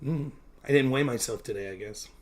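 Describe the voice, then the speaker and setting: A man's voice: mid-range voice, brisk, a little mellow. A man hosting a livestream of political commentary, talking casually and sarcastically while answering viewer comments. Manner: sarcastic, mocking, reads chat aloud.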